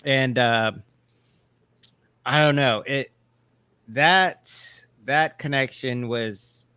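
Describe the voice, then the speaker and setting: A man's voice: medium pitch, very slow, pushed and bright, clean tone, no echo. A man co-hosting a casual TV recap chat, rambling with many fillers and restarts. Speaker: co-host.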